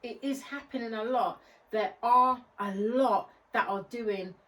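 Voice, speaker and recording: A woman co-hosting a casual podcast discussion, an attentive listener who often gives soft agreement before she makes her own points. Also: fairly high pitch, measured pace, distant mic, rough recording. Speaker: podcast co-host.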